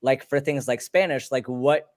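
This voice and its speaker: A man's voice: mid-range voice, moderate pace, a little mellow, dry recording, studio quality. A man from Colorado who does voice acting, talking things through in a casual group chat. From Colorado, USA. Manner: thinking aloud, many "like" fillers. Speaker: voice actor guest.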